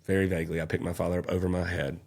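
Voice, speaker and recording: A man's voice: deep voice, level tone, rapid-fire, creaky. A man, a podcast guest telling his story in an earnest, casual way and getting worked up as he retells events.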